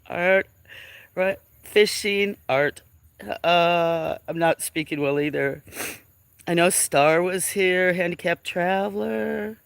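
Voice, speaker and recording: Speaking slowly in a high-pitched, fairly bright, smooth voice with vocal fry, a man hosts a casual outdoor farm livestream with no room sound, just birds behind him. He sniffles a little and rambles amiably, greeting chat viewers by name and sometimes slipping into a whisper.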